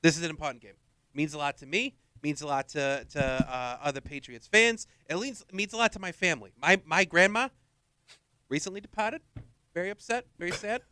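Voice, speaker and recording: A radio co-host playing a brash, bragging Boston sports fan with a thick Boston accent, in comic banter. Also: male voice, a little high, a little fast, pushed and bright, clean tone, no echo. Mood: mock-mournful. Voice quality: bragging, streetwise.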